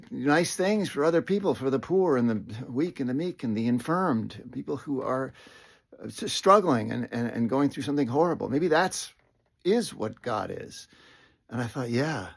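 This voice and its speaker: A middle-aged man tells a personal story straight to the listener, thinking aloud as he goes. His voice is gravelly and husky, and he often restarts his sentences and sinks into soft, whispered asides. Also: mid-range voice, animated, unhurried.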